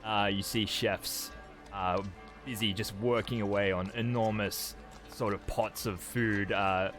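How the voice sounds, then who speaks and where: A man's voice: on the low side, fairly even intonation, measured pace, a bit bright, soft background music. A man narrating as game master of a tabletop game, describing scenes in a rambling way with many ums and restarts.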